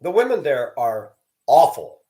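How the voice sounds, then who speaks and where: A man's voice: medium pitch, very animated, a little slow, warm tone. A man from the American South delivering a sarcastic, judgmental ranting monologue to his channel. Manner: sarcastic, judgmental, emphatic repetition. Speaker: channel host.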